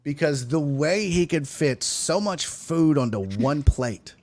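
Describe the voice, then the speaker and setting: A man's voice: fairly high pitch, takes it slowly. A man, a comedian and sports talk host, telling a crude story as a guest in casual chat. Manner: profane, animated storyteller.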